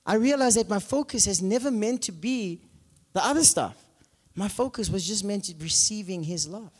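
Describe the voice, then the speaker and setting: A male pastor with a high voice that swings widely in pitch delivers a conversational sermon full of stories at normal speed. He's animated, uses many fillers, and often asks the congregation questions, while a long reverb suggests a large hall.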